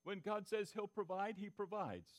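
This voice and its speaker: Pastor preaching, voice pitched fairly high. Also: male voice, expressive, moderate pace. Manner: interactive, asks the congregation for answers; repeats key phrases for emphasis. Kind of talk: sermon.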